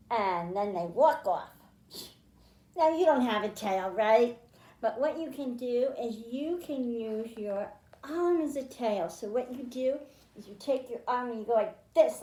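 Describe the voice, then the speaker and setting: A woman librarian leading a children's storytime, reading aloud and explaining in an animated, sing-song way. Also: on the high side. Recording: echoey room.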